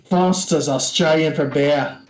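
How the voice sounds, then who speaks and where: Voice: mid-range voice, measured pace. A co-host in casual banter, throwing out exasperated jokes and groans about the story being read. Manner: exasperated, joking threats and groans. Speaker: co-host commentating. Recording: roomy echo.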